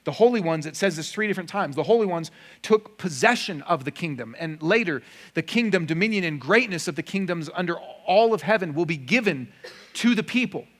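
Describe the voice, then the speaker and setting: A pastor speaking to his congregation in a church room, his voice sitting a little high for a man. He preaches in an easy conversational way, tossing in rhetorical questions and quick asides. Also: lively intonation, a bit bright. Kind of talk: sermon.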